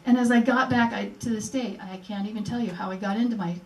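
A woman's voice: mid-range voice, steady tone, fast talker, a little mellow. Older woman telling her story, echoey room. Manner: earnest, acts out remembered dialogue. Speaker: speaker at a memorial event. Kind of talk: personal storytelling speech. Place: museum presentation room. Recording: echoey room, mic at a distance.

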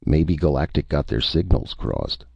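A man's voice: rumbling low, big pitch swings, unhurried, vocal fry, breathy edge, dry recording, dull audio, full character voice. A man doing a wry, blunt space explorer. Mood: dry, wry. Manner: dry, blunt, sarcastic. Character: wry, tough human male space explorer.

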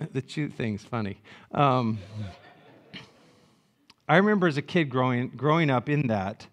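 A man in his sixties, a pastor preaching a sermon with animated, joking storytelling that swings from loud asides to hushed reflection. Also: mid-range voice, a little slow.

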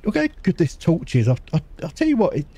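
A man casually commentating a game as he plays, muttering to himself and making quick jokes. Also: fairly high pitch, wildly swooping pitch, background noise. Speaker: gaming channel host. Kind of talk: casual let's-play commentary.

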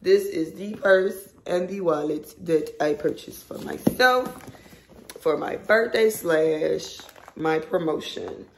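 A woman talks to her viewers in an unhurried, excited way. Her voice has a gravelly edge and bounces around an echoey room. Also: lowish voice, a little hiss or hum. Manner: chatty, excited, addresses viewers as y'all. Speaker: vlogger. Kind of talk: casual unboxing chat.

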